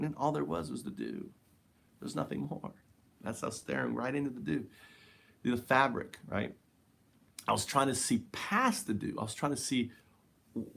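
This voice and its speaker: In a casual spiritual monologue, the male host rambles, hunts for words, and leans on many fillers, occasionally slipping quieter and slower. He speaks at a medium pitch with some vocal fry.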